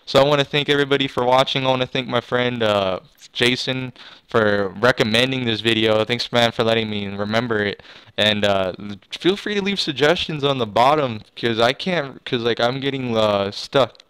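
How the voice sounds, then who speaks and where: A man's voice: medium pitch, moderate pace, fairly bright tone, clear, resonant tone, dry recording, rough recording. A young man vlogging, telling a story in a rambling, casual way with lots of restarts and swearing.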